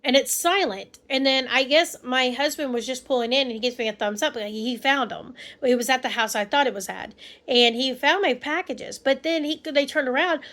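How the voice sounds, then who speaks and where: A woman's voice: high voice, normal speed, fairly bright tone. Rambling woman telling a story. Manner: rambling, restarts, quotes people with mock voices. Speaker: vlogger. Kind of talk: casual storytelling.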